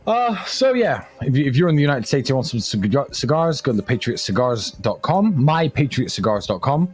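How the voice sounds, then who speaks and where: A man's voice: medium pitch, sing-song, moderate pace, a little mellow, faint music behind. A man hosting a livestream, joking and teasing in casual banter. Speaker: livestream host.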